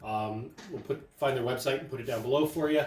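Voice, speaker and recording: A man's voice: medium pitch, brisk, reverberant, distant mic, soft background music. A man co-hosting a casual beer-tasting chat, giving his take in a laid-back, plain way. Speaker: co-host.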